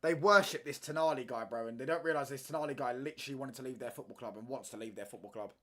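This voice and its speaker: A young man streaming a football watchalong and bantering with viewers in slangy, animated casual chat. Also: medium pitch, quick pace. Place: home streaming setup.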